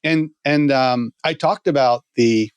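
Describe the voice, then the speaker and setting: Halting male podcast guest, dry sound. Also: medium pitch, clean tone, no room sound. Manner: halting, with many restarts and fillers. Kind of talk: storytelling in a podcast interview.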